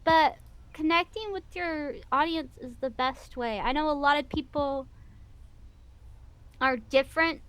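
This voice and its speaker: A woman with a Missouri accent, chatting as a guest in an interview in an animated, rambling way. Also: high-pitched. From US Midwest. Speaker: guest VTuber. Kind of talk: casual interview chat.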